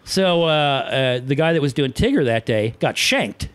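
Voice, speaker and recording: Animated, laughing male storyteller. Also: on the high side, normal speed, clear, resonant tone. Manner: animated storyteller, laughs often, acts out voices in quotes. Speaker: guest, former theme park costume performer. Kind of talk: casual storytelling chat.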